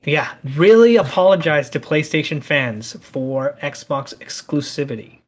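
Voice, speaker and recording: A man hosting a casual podcast chat, talking in animated, heated rants. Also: on the high side, a little slow. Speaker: podcast host.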